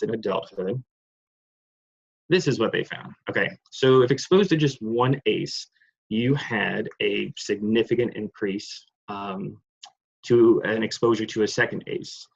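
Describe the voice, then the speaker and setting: A man's voice: creaky, breathy edge. A man giving an online clinical lecture over slides, rambling with many fillers, restarts and apologies. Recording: muffled, low-fidelity online session audio.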